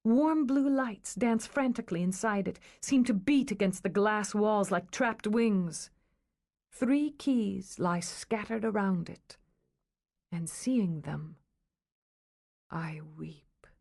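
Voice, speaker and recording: A woman narrating an audiobook in a measured, storytelling manner. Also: medium pitch, animated, gravelly, a little mellow.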